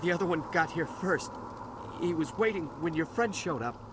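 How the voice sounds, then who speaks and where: A man's voice: on the high side, lively intonation, moderate pace, noisy background, lightly acted. An actor playing a nervous male dock worker and smuggler in a video game, stammering and defensive. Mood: shaken. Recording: game audio with music behind.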